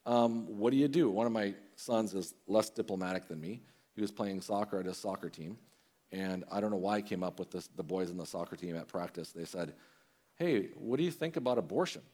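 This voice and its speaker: A man's voice: low-pitched, steady tone, brisk, mellow. A middle-aged man, preaching a sermon in a conversational way with restarts and quoted asides.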